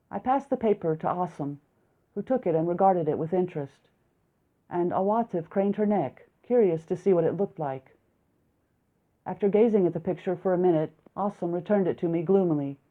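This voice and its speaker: A woman narrates an audiobook in a lively storytelling manner, her voice on the low side. The recording is narrow and tinny, like a phone line. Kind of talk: audiobook reading.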